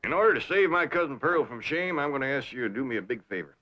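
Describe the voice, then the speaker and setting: Calm folksy hill patriarch. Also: male voice, mid-range voice. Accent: Ozark hill country. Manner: slow folksy drawl. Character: calm folksy hillbilly patriarch, fair-minded. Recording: muffled 1960s TV soundtrack.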